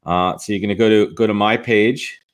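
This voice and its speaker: A man's voice: on the low side, steady tone, fairly quick, clean tone. An American man hosting a live podcast stream, talking energetically and playfully. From United States. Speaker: podcast host. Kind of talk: casual live-stream chat. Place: home office in New York City.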